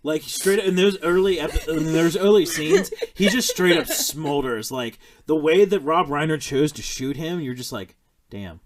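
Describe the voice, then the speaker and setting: A young man hosting a podcast, chatting casually about a film in a blunt, profane, animated way. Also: fairly high pitch, moderate pace, hardly any pauses, a crowd in the background. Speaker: podcast host.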